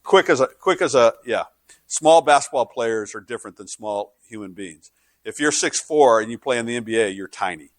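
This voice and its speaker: A male pastor delivers a sermon, moving from easygoing storytelling into fervent preaching. His voice sits in a middling pitch. The sound is dry and close, with little room in it. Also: lively intonation, moderate pace, no echo.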